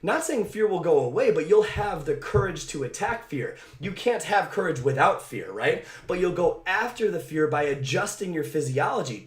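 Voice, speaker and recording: A man speaks as a motivational coach, energetic and direct, pressing each point home and checking in with the listener. His voice sits a little high for a man. The room rings with noticeable echo around him. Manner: energetic, emphatic and direct, with frequent "right?" asides. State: out of breath. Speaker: mindset coach. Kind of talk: motivational talk to camera. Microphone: camera mic.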